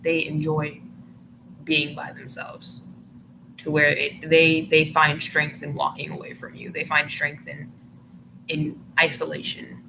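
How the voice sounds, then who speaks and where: A woman gives her viewers a casual tarot reading, chatty and filler-heavy with lots of "like," and sometimes breaks into giggles. Her voice is low and creaky, with noticeable background noise.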